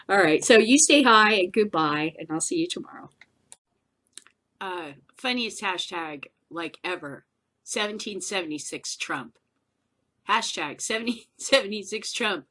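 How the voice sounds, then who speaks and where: A woman's voice: mid-range voice, sing-song, normal speed, a bit bright. A middle-aged woman hosting her own news vlog, ranting casually, swearing and laughing often. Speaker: host of a daily news vlog. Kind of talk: casual profane rant.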